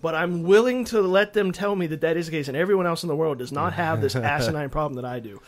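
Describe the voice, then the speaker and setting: A man co-hosting a casual gaming podcast, talking in a rambling, animated way with frequent restarts and casual swearing. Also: a little high, fast talker. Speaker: podcast co-host. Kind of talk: casual chat.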